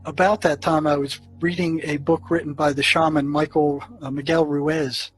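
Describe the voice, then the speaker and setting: A man who worked as a therapist in a prison tells stories from his work. He talks earnestly and haltingly, with many restarts and fillers. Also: on the high side, little pitch movement, faint music behind, low-quality recording. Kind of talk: storytelling recollection.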